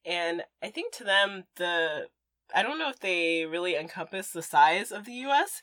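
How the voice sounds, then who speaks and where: A young American woman co-hosting a podcast, telling stories in a lively, laughing way. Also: lowish voice, moderate pace, no room sound. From United States. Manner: animated storytelling with frequent laughter. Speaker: podcast co-host. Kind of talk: casual chat.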